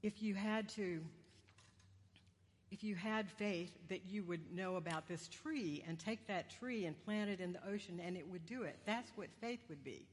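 A woman's voice: mid-range voice, moderate pace. A woman preacher giving a sermon in a conversational, self-deprecating way, with wandering humorous asides. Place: church sanctuary. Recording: long church reverb.

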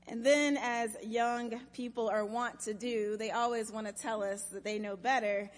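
A woman pastor giving a sermon, telling a story in a measured, expressive way, in a church sanctuary. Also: on the high side, in a large hall.

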